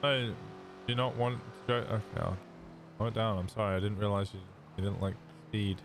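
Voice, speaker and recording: A man's voice: fairly low pitch, steady tone, brisk, creaky, background noise. A man playing a flustered, stammering cop. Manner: flustered, stammering, keeps changing the subject. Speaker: police officer in a roleplay. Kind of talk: game roleplay.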